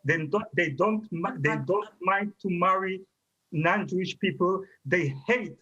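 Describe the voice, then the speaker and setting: A man speaking as a rabbi in a televised debate, his voice sitting high for a man. He talks bluntly, stacking short, repeated condemnations one after another. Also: measured pace, sharp tone, muffled recording. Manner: blunt, denouncing, repetitive. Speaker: rabbi, guest. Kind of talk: heated debate.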